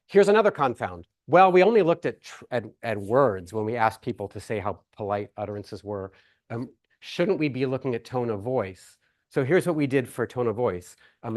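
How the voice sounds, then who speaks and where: A man giving a plenary lecture at a research workshop, speaking casually with many fillers and restarts. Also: lowish voice. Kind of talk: academic conference talk. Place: lecture hall.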